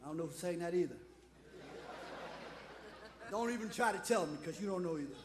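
High-pitched shouting preacher in an echoey hall. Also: male voice, expressive, brisk, crowd noise. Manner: whooping, shouted preaching with sung cadences. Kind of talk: sermon. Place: church sanctuary. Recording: echoey church hall, roomy long reverb.

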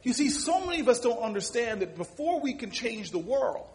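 A man's voice: very high-pitched, sing-song, fairly quick. A man giving an impassioned motivational speech, telling stories and repeating words as he builds. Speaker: public speaker.

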